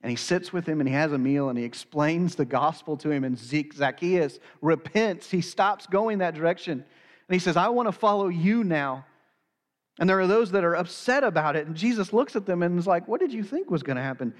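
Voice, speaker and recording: A man preaching a sermon in earnest, slowing down to stress key phrases. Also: fairly high pitch, animated, big-room sound. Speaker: pastor.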